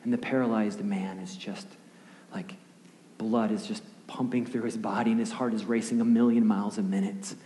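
Man preaching, hushed storytelling, echoey hall. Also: on the low side, steady tone, normal speed. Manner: vivid storytelling, often dropping to a hushed near-whisper; conversational, asks the audience questions. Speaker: pastor. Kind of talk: sermon. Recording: echoey hall with long reverb.

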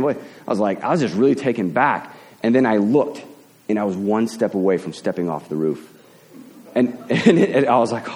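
A man preaching a sermon as pastor, talking in a halting way and often repeating words as he builds a point. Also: on the low side, lively intonation, darkish tone, long reverb tail.

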